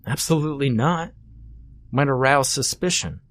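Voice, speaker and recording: A man voicing an excitable, overconfident male driver who talks in a boisterous, pushy way. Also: mid-range voice, moderate pace, pitched above the performer's own voice, natural voice.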